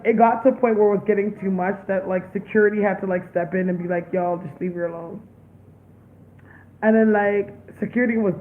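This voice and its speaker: A young woman vlogger telling a story in a casual, blunt and profane way, with lots of emphasis. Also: mid-range voice. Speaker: psychic medium vlogger. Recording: tinny phone-like sound, faint hiss.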